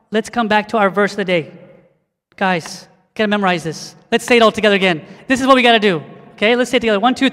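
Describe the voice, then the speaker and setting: Male pastor, high voice, emphatic sermon delivery, reverberant sanctuary. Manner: emphatic preaching, softening into quiet prayer. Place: church.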